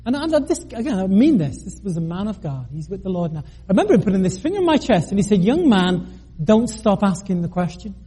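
High, husky man preaching. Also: big pitch swings, quick pace, hardly any pauses, dark tone. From United Kingdom. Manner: earnest, self-deprecating, with joking asides and stammered restarts. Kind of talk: sermon with personal story.

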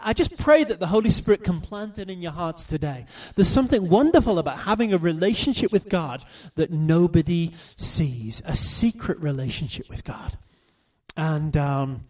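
A high-pitched man, recorded from a distance, preaches a sermon and reads scripture slowly and deliberately. He swings between loud declarations and soft, hushed asides.

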